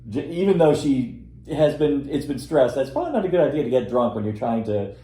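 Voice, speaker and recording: A man's voice: mid-range voice, big pitch swings, a little fast, warm tone. A man co-hosting a casual film podcast, talking in a rambling way with many restarts. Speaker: podcast co-host reviewing films. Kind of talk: casual chat. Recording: echoey room.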